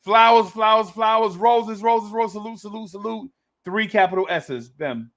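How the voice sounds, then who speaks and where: A man with a high voice and a gravelly edge hosts a loose live-stream chat. He reads viewer comments aloud, laughs easily and says lines twice for emphasis. The talk is playful and unscripted. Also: moderate pace, fairly bright tone. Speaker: host of a fan talk stream.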